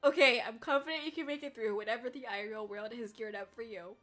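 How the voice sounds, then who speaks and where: A woman's voice: on the high side, fast talker, fairly bright tone, faint music behind. A woman streamer in casual chat with her viewers, reading their messages aloud, swearing freely and fighting back tears. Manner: swearing freely, laughing and choking up. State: tearful. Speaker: VTuber streamer.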